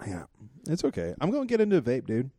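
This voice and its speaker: A man's voice: mid-range voice, wildly swooping pitch, mellow, no room sound, clean studio sound. A man co-hosting a podcast, chatting crudely and joking around. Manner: crude, joking, quick to laugh. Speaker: podcast co-host. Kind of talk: casual comedic chat.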